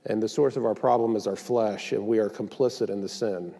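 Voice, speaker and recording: A man's voice: lowish voice, fairly even intonation, brisk, creaky, dark tone, breathy edge, big-room sound. A male pastor delivering a sermon in a conversational style, mixing in joking asides, recorded in a church sanctuary.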